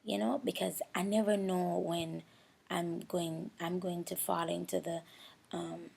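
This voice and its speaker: A Jamaican woman with a low-set, gravelly voice talks through a makeup voice-over. Her tone is husky and she rambles candidly, opening up about her feelings and sometimes close to tears. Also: level tone, a little slow, a little mellow. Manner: candid, rambling, emotional and self-searching. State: near tears at times. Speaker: beauty vlogger. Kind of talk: confessional voice-over chat.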